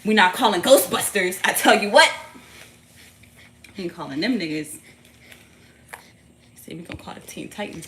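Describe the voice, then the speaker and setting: A woman's voice: mid-range voice, sharp tone, a little hiss or hum. A woman chatting casually on a tarot livestream, playful and slangy, often laughing and talking to a baby. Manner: playful and loose, teasing a baby between readings; slangy and profane, bursts into laughter. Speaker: tarot reader and streamer.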